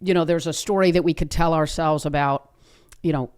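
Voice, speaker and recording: A woman's voice: deep voice, fairly even intonation, brisk, darkish tone, clean tone. A woman in her fifties hosting a podcast, telling a personal story in an earnest, conversational way with frequent restarts. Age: 50s. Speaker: podcast host.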